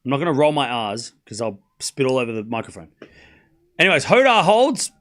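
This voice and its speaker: An Australian man hosting a live tennis watchalong stream, joking with his chat, practising player names out loud and calling the points. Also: mid-range voice, quick pace. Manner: playful and joking, reads chat aloud, repeats player names to practise them.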